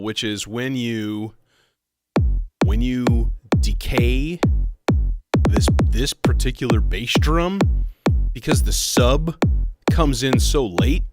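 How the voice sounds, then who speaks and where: A man's voice: medium pitch, lively intonation, slow, pauses often. A man hosting a casual livestream about modular synths, rambling and self-interrupting as he talks. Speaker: livestream host. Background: faint synth music.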